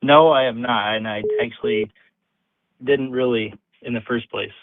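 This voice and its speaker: A man's voice: medium pitch, fairly even intonation, moderate pace. A man in his thirties calling in to a stream and answering briefly and plainly. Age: 30s. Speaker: caller. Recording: tinny phone line with faint noise.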